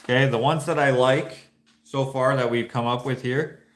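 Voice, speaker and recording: His voice sits in the mid-range, steady in tone and moderate in pace, with a little hiss or hum on the track. A painter from Canada hosting his channel's casual vlog, he muses loosely and keeps restarting. The room has an echo.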